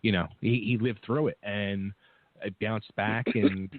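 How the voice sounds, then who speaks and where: Halting male radio host on a tinny line. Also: on the low side, steady tone, no room sound. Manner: halting and sympathetic. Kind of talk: casual radio interview chat. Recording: thin phone-like sound.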